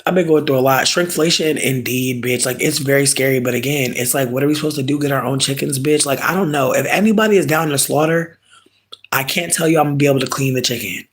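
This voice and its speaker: A man chatting casually with viewers, ranting in an animated, emphatic, comic way and often stretching words slowly for effect. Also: mid-range voice. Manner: profane, drawn-out slow emphasis. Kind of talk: casual chat.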